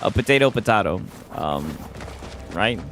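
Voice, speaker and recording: A man's voice: on the low side, lively intonation, measured pace, a bit bright, a little hiss or hum. A young man with a Southern US accent from Atlanta, rambling and swearing casually while commentating a video game he is playing. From Atlanta, USA. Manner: laid-back, rambling, swearing, laughing chatter. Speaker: gaming streamer. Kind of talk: casual let's-play commentary. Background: game music.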